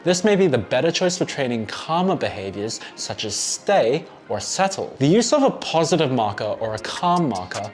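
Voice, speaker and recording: Lively-voiced man teaching dog training. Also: mid-range voice, moderate pace, hardly any pauses. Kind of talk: scripted instructional narration.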